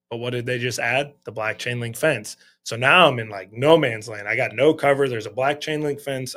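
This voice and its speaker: A man's voice: medium pitch, a bit bright. A middle-aged man, a sheriff's lieutenant, telling his story candidly in a casual interview and quoting his own thoughts as he goes. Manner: candid, retelling in quoted inner thoughts.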